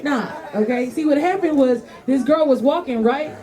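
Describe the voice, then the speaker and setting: A young woman works a comedy club stage, her voice sitting a little high. She rambles loosely and keeps breaking into laughter mid-story. The live recording carries loud audience laughter around her. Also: moderate pace, a crowd in the background. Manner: loose, rambling delivery, laughing between lines. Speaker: stand-up comedian. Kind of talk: stand-up comedy set.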